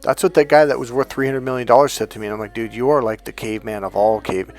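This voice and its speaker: A man's voice: medium pitch, fairly even intonation, fast. A man talking as a dating coach, emphatic, swearing now and then and acting out the voices of people he quotes. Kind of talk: coaching talk to camera.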